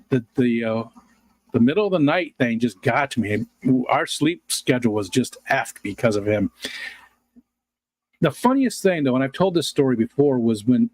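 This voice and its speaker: A man's voice: mid-range voice, no echo. A middle-aged man hosting a livestream, rambling casually to his viewers and chuckling often as he answers comments. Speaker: livestream host.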